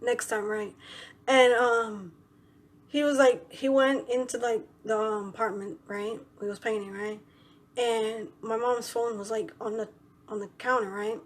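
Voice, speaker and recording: A woman's voice: fairly high pitch, fairly even intonation, measured pace. A young woman vlogger telling a story in a casual, rambling way, full of "you know" and "right".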